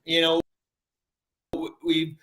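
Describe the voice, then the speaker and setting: A man's voice: fairly high pitch, completely flat delivery, slow, bright, forceful tone. A man from Western Canada, a singer guest, telling stories in easygoing, laid-back chat. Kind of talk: casual interview chat.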